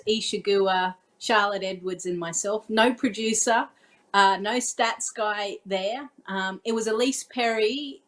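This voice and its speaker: A woman, a former cricketer turned commentator, telling a story in relaxed chat with a lot of ums. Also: medium pitch. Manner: chatty, frequent ums, acts out her own on-air call.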